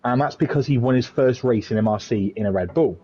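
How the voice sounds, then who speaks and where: A man's voice: medium pitch, quick pace, mellow. Chatty man hosting a league stream. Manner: chatty, joking, rambling with fillers. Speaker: league host announcing team draw. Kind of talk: live stream chat commentary. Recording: dull lo-fi stream mic, faint noise.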